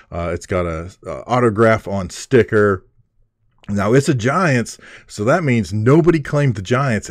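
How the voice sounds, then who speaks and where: A man's voice: fairly low pitch, no room sound, clean studio sound. A man hosting a live-streamed trading card break, calling out each card and who gets it, and gushing when he pulls a good one. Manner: excitable, gushing over pulls, filler-heavy; calls out cards and owners in a running list.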